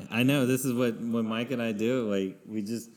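A man's voice: medium pitch, fairly even intonation, normal speed, darkish tone, in a large hall. A man hosting a podcast in casual chat, rambling with many fillers. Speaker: podcast host.

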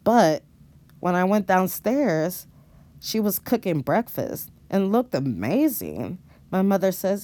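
A woman's voice: mid-range voice, very animated, takes it slowly, mellow, no room sound. A woman narrating a first-person horror story in a dramatic, exclamatory way, with casual swearing.

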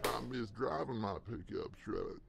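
A man's voice: mid-range voice, lively intonation, measured pace, gravelly. An actor playing a folksy Texan ranch man who rambles in friendly non sequiturs in a video game. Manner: drawling small talk, friendly non sequiturs. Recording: noisy game audio.

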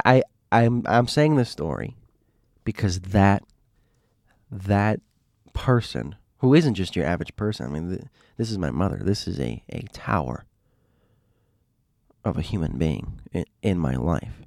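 Male storyteller, low voice, rambling and animated, dry close recording. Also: gravelly, no room sound. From Miami. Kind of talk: casual storytelling monologue.

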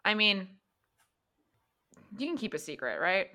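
A woman voices a weary woman monster hunter in a tabletop game, full of old regrets. She talks in halting, hesitant starts, and her voice has a bright, tense edge. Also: medium pitch, big pitch swings, exaggerated voice. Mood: wistful.

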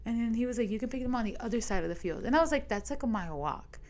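A young woman in her twenties, a podcast co-host, tells a long dream story very fast in a slightly high, darkish voice with lively intonation. Chatting casually, she quotes everyone with "I was like."

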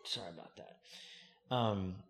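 A man's voice: lowish voice, slow. A man in his fifties chatting casually as a podcast guest, humble and rambling with plenty of fillers. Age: 50s. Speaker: podcast guest, company founder. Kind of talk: casual interview chat.

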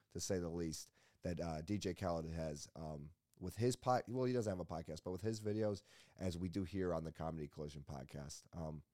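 A man's voice: sits low, darkish tone, no room sound, studio quality. A man hosting a comedy podcast, telling rambling, self-mocking stories in casual chat.

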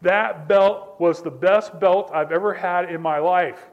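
A man's voice: high voice, a little slow, dull audio. A male pastor preaching, telling a personal story in a conversational way and repeating phrases for emphasis. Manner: repetitive, building emphasis through restated phrases; conversational, addresses listeners directly.

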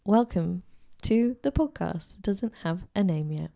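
A woman's voice: lowish voice, animated, measured pace, gravelly, mellow. A young English woman co-hosting a podcast, bantering playfully in casual chat. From England. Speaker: podcast co-host.

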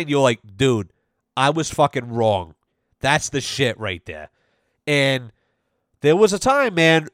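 Profane, rambling young podcast host. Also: male voice, a little high, a bit bright, clean tone, no echo, clean studio sound. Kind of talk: casual chat.

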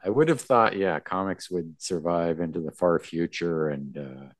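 Casting note: man, very deep voice, slow and halting co-host delivery, dry close sound. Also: no echo. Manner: slow, halting, many fillers and restarts. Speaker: podcast co-host. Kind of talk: casual chat.

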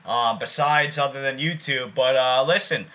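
A man's voice: medium pitch, moderate pace, bright, forceful tone. A man co-hosting a casual sports podcast, talking loosely, swearing and repeating himself. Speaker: podcast co-host.

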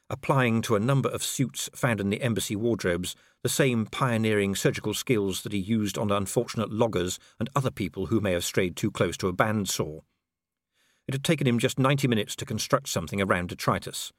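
A man narrating an audiobook in a measured, wry storytelling manner. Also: lowish voice, dry recording, studio quality. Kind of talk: scripted narration.

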